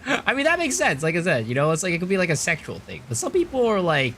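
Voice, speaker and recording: A man's voice: high-pitched, huge pitch swings, quick pace, a bit bright, slight background noise. A man live-streaming a game, rambling casually to his chat with lots of profanity and filler words. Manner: chats to viewers in the stream chat.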